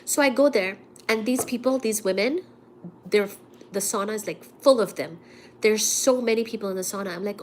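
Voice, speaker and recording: Telling her story to a live audience, the vlogger sounds indignant and animated, acting out the quotes despite a cold that has her coughing. Her pitch is fairly high, her pace moderate, and there's slight background noise.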